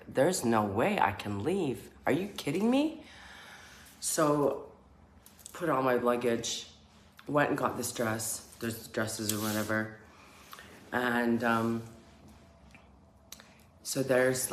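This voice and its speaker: A woman, a spiritual healer, telling a personal story in a casual, animated way, acting out screams and chants between many fillers. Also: extremely low pitch. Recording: roomy echo.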